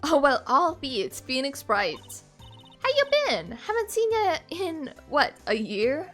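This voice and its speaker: A woman voicing a brash young female photographer with a Southern US accent, loud, folksy and pushy. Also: high voice, very animated, slow, faint music behind, exaggerated voice.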